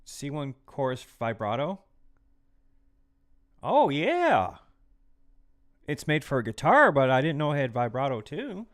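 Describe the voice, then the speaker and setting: A man hosting a live stream who teaches music mixing in a chatty, casual way and often drops into quiet muttered asides while he works. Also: mid-range voice, lively intonation, a little fast, hardly any pauses. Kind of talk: casual live tutorial talk.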